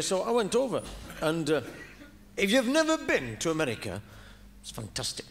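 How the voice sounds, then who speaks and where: A man's voice: on the high side, huge pitch swings, moderate pace, fairly bright tone, a faint crowd, a little hiss or hum. A man with a Northern English accent doing a rambling, chatty live stand-up monologue in front of an audience. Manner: rambling, chatty storytelling with asides. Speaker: comedian.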